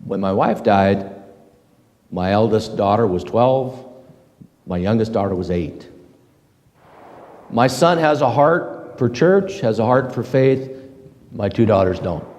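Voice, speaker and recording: A middle-aged man giving a slow, halting, earnest personal testimony to a men's group. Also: fairly low pitch, lively intonation, darkish tone. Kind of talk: reflective personal testimony talk. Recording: long hall reverb.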